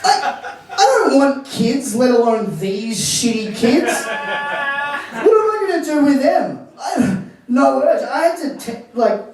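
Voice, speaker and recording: A man's voice: extremely high pitch, expressive, slow pace, a crowd in the background. A man doing a rambling, self-deprecating open mic stand-up set. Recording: echoey room from far off with audience. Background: audience laughter.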